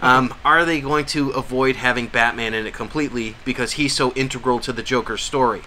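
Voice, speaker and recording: A man's voice: mid-range voice, brisk, bright, forceful tone, slight background noise. A man co-hosting a podcast in casual, jokey, rambling chat. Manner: rambling, jokey, lots of fillers. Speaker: podcast co-host.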